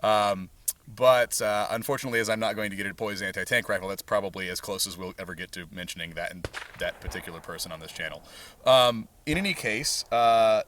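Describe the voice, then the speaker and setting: A man hosting a firearms channel, explaining history and handling in a casual, halting way full of ums and uhs. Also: lowish voice, fairly bright tone. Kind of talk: casual explanatory talk at the range. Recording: distant mic, faint background noise.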